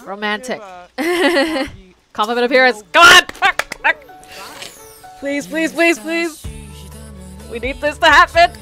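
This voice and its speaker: A woman giving excitable, foul-mouthed commentary on a life-sim game, squealing and shouting at what happens. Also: high voice, slow, pauses often, faint music behind. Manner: excitable, swears a lot, squeals and shouts in bursts. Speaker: gamer.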